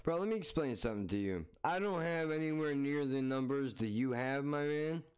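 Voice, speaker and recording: A man's voice: medium pitch, expressive, normal speed, darkish tone, smooth. A man reacting to a video with exasperated, mocking, profane commentary, often repeating himself.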